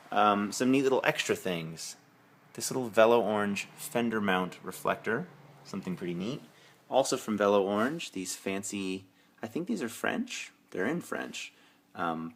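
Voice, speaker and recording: A bike shop owner giving a casual late-night walkthrough of his store, relaxed and rambling with fillers and self-corrections. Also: sits low. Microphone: handheld camera while walking.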